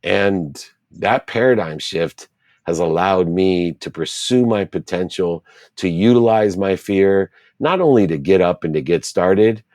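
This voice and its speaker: Deep-voiced man telling his story earnestly. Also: expressive, measured pace, a little mellow, no echo, clean studio sound. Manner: earnest, repeats words for emphasis. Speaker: interview guest. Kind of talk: reflective storytelling in an interview.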